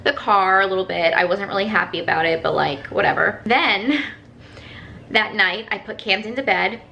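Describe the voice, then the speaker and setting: A woman's voice: medium pitch, moderate pace, gravelly, sharp tone, slight background noise. A woman telling a personal story to her viewers in a casual, rambling vlog, full of "like" fillers. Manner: chatty, rambling, lots of "like" fillers. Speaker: vlogger.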